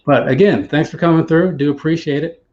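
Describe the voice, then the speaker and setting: A man's voice: a little high, a little fast, a little mellow, slight background noise. A man hosting a casual livestream chat, easygoing and rambling, with hesitant stops and restarts. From United States. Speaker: livestream host. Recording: dull lo-fi sound.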